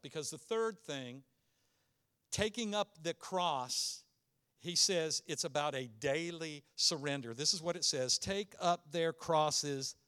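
A man preaching a sermon as a pastor, earnest and emphatic, asking many rhetorical questions and slowing down to stress key words. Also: fairly high pitch, bright, forceful tone.

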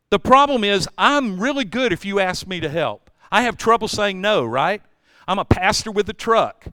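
A pastor delivers his sermon with a fairly high, sharp voice, recorded dry and close. He tells stories with playful asides and swings from loud outbursts to quiet, hushed passages. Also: moderate pace, dry recording. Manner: energetic storytelling, jumps between loud and hushed; playful asides and self-deprecating humor.

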